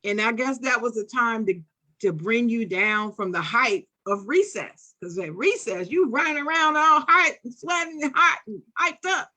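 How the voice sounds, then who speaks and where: This woman co-hosts a laid-back podcast and speaks with a Philadelphia accent. Her pitch is fairly high and her pace normal as she animatedly recounts something from her childhood, performing the voices she quotes.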